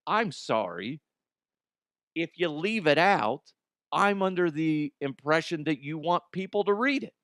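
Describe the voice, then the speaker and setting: A man's voice: a little high, animated, a little slow, fairly bright tone, smooth, no room sound, clean studio sound. A man hosting a comedy podcast, reading listener mail in a crude, irreverent way, often laughing. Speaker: podcast host.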